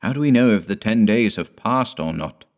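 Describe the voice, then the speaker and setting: A man's voice: lowish voice, lively intonation, moderate pace, voice pushed up. A man voicing a solemn, fearful grown son who speaks urgently, raising his voice above his narration.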